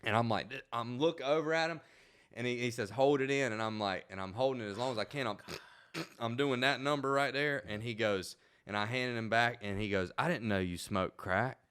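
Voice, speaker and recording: A young man telling a wild story in casual, profane, animated chat. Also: medium pitch, brisk, clean tone.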